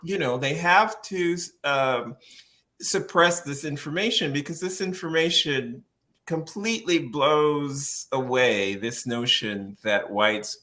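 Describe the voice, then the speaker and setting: A man's voice: medium pitch, bright, forceful tone. A man who is a policy researcher speaks as a guest on a podcast interview, explaining at length, often laughing and restarting his phrases as he thinks.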